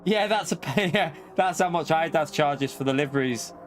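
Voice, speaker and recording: A British man streaming a racing game live, chatting casually to his viewers in an excitable way, laughing often and swearing when something shocks him. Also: on the high side, moderate pace, soft background music.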